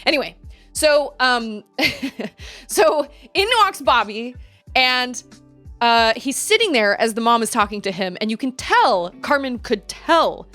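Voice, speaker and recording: A woman livestreamer telling a story in a rambling, animated way, laughing often. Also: a little high, a little slow, soft background music.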